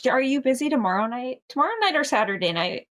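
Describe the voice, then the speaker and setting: A woman's voice: high voice, animated, fast, a crowd in the background. A young woman co-hosting a casual podcast, telling anecdotes and laughing. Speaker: podcast co-host. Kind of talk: casual chat.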